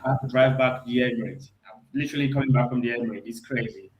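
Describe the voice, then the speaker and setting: A hoarse man calling in as a guest on a fan show. He sounds elated, keeps repeating himself and talks haltingly with many ums. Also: mid-range voice, roomy sound, highs cut off, slight background noise. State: hoarse from screaming. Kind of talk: casual chat.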